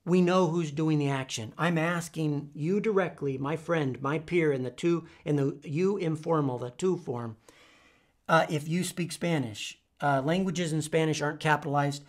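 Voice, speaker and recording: A man teaching a Spanish verb lesson, spelling out letters and repeating each form deliberately. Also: fairly high pitch. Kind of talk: whiteboard language lesson.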